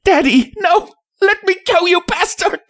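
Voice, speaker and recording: A man's voice: fairly quick, darkish tone, husky, exaggerated voice. A man voicing a desperate young filly who cries and pleads, as an audiobook character. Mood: screaming. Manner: high wailing pleas. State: crying.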